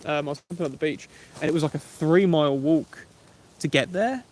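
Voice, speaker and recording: A young Englishman talks casually to his live-stream viewers. His voice sits slightly high for a man, and he is loose and chatty, throwing in mate and bro as he answers comments. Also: brisk, a little mellow, a little hiss or hum. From England. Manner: chatty and laid-back, says "mate" and "bro". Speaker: YouTube camping livestreamer.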